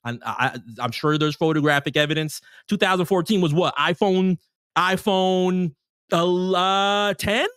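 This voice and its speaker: A man's voice: sits high, steady tone, unhurried, a bit bright, clear, resonant tone, dry recording, studio quality. A man co-hosting a casual sports podcast, rambling with restarts and fillers and swearing casually. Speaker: podcast co-host.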